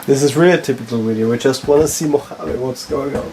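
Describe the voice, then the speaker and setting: A man co-hosting a casual tech video, making wry jokes and quick asides. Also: medium pitch, noisy background. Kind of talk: casual chat.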